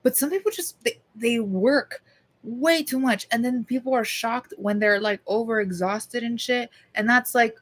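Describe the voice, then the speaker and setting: A woman's voice: a little high, unhurried. A young woman vlogger talking casually to her camera, rambling, swearing and mocking herself.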